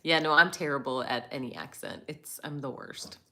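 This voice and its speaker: A woman's voice: rumbling low, lively intonation, normal speed, vocal fry, bright, forceful tone. A woman hosting a casual live chat, greeting viewers by name and laughing often as she talks. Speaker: livestream host.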